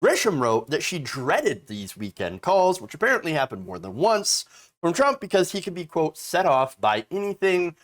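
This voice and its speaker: Animated sarcastic male political commentator. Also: on the high side, normal speed. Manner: sarcastic, animated, many fillers.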